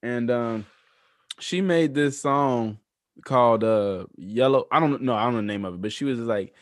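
A man's voice: mid-range voice, moderate pace, no room sound, studio quality. A young man co-hosting a podcast, talking in a laid-back, reflective way and explaining things at length. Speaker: podcast co-host. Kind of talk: casual chat.

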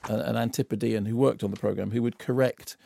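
A man's voice: mid-range voice, fairly even intonation, fast, gravelly, dark tone. A British man co-hosting a radio show in casual chat, wry and anecdotal as a film critic. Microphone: studio microphone.

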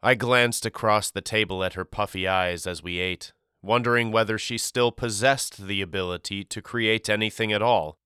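A male audiobook narrator reads a storybook in a steady, clearly articulated way. His low voice has a bright, crisp edge. The recording is dry and close, with no room echo. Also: moderate pace, hardly any pauses.

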